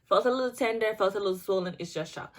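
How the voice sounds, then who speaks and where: A woman's voice: mid-range voice, quick pace. Chatty young woman telling a story. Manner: chatty, animated, many restarts and filler words. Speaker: vlogger. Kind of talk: casual storytime.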